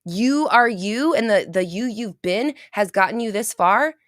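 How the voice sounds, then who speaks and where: A woman's voice: mid-range voice, animated, a little slow, a bit bright, no echo, studio quality. A woman hosting a manifesting podcast, talking in a blunt, emphatic and profane way in casual motivational chat. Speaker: podcast host.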